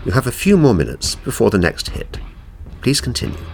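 A man voicing a calm, coldly polite male interrogator, reading an audiobook in a clinical, unhurried, quietly menacing way. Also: medium pitch, faint music behind, pitched above the performer's own voice.

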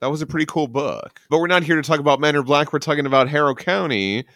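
A man's voice: a little high, fast, fairly bright tone, no room sound, clean studio sound. A man co-hosting a podcast, talking enthusiastically about a comic book, with many fillers and restarts. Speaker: podcast co-host. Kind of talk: casual comic book discussion.

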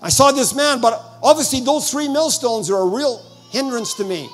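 An older man with a high voice preaches, acting out his stories and breaking into sudden loud bursts. Faint music plays underneath him. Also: expressive, fairly quick, few pauses. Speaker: visiting preacher. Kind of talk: sermon with personal stories.

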